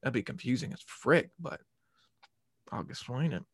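A man's voice: mid-range voice, animated, moderate pace, a bit bright, husky, no echo, clean studio sound. A man hosting a casual sports podcast, rambling and joking, ranting and swearing as he goes. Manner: rambling and jokey, swears and rants. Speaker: podcast host.

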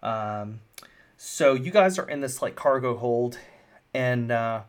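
A man's voice: mid-range voice, animated, takes it slowly. A man narrating a tabletop game as game master, casual and full of fillers. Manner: casual, rambling with many fillers.

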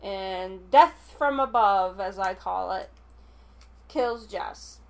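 A woman's voice: medium pitch, slow. A woman co-hosting a podcast, retelling a horror film plot in a rambling way with lots of fillers. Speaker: podcast co-host. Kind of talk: casual chat recapping a film.

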